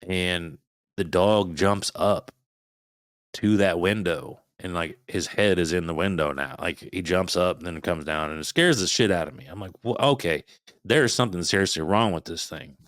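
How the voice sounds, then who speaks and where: A man in his thirties, a podcast guest, telling a frightening personal story in casual, swearing, animated talk. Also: deep voice, moderate pace, dry recording, studio quality. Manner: swearing, animated retelling of a scary night.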